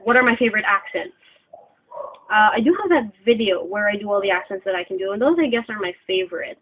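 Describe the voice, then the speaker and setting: A woman's voice: medium pitch, expressive, fast talker, a little hiss or hum. Chatty woman on a tinny phone recording. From Philippines. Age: 20s. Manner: chatty, rambling with many fillers. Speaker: vlogger. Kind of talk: casual vlog chat. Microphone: cell phone camera.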